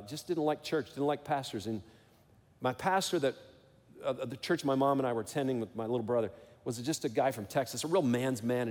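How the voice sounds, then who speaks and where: Middle-aged male pastor, mid-pitched, earnest storyteller turning emphatic, long church reverb. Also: a little mellow. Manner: earnest storytelling preacher, rising to emphatic exhortation. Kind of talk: sermon.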